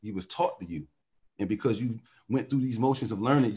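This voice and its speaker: A man's voice: mid-range voice, fast, dark tone, slightly rough. A man talking as a podcast guest in casual conversation, riffing animatedly and philosophically on word origins.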